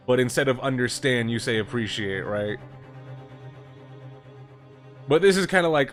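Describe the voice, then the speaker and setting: Male streamer, mid pitch, talky critique of game dialogue, faint music under him. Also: lively intonation, brisk, hardly any pauses, a bit bright. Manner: reads game dialogue aloud, chatty and critical. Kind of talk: game playthrough commentary.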